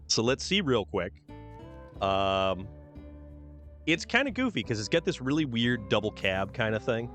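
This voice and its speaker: A man's voice: medium pitch, big pitch swings, a little slow, long pauses, fairly bright tone, faint music behind. A man hosting a game stream, chatting casually and reading out vehicle details. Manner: chatty, reads truck descriptions aloud. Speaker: streamer host. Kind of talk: casual gameplay chat.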